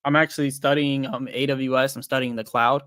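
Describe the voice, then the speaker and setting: This young crypto trading streamer loosely rambles through casual chat and viewer comments, full of fillers and restarts, sounding frank and a little self-deprecating. His mid-pitched, clear, resonant voice keeps a level tone at a slightly fast clip. The recording is dry and close, without any room sound.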